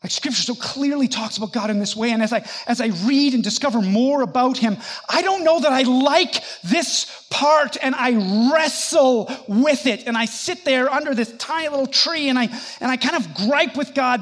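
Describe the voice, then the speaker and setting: A man's voice: very high-pitched, moderate pace, few pauses, a bit bright. A man preaching a sermon, earnest and conversational, acting out scripture passages with feeling. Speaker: pastor.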